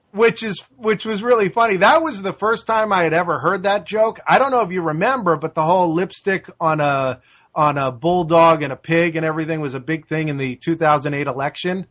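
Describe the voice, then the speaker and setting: A man co-hosting a casual movie review podcast, animated and breaking into quick impressions of the characters. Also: a little high, dull audio. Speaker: podcast co-host.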